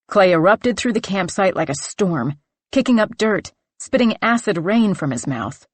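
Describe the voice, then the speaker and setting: A woman narrating a horror novel in a measured, dramatic reading on a close studio mic. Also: medium pitch, lively intonation, no echo. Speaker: audiobook narrator.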